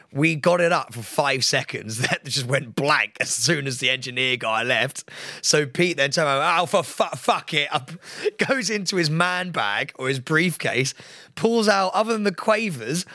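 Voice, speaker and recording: A man's voice: a little high, no echo, clean studio sound. A man co-hosting a podcast, telling a story in casual chat, swearing freely and acting out what other people said. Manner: animated, swears freely, acts out others' voices. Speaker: podcast co-host.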